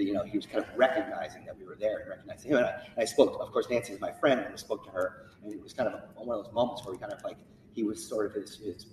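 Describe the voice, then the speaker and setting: Brief: male teacher, quick animated storyteller, distant mic in a reverberant hall. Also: lowish voice. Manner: animated storyteller, acts out quotes. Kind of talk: telling a personal story to an audience. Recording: echoey hall, distant mic, faint noise.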